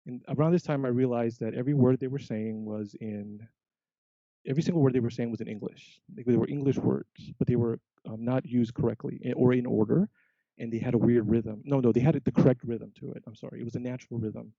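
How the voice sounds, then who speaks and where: A man, a podcast guest, telling a story in casual chat, animated and quoting himself often. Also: mid-range voice, fast, creaky, no echo. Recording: dull lo-fi sound.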